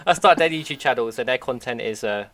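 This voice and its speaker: A man's voice: medium pitch, quick pace, sharp tone, no echo. A man chatting casually on a podcast, self-deprecating and losing his thread. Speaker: podcast co-host. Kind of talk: casual chat.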